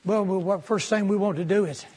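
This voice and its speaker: A pastor telling a story in a sermon, in a folksy, animated way with touches of humor. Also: male voice, sits high, fairly quick, breathy edge.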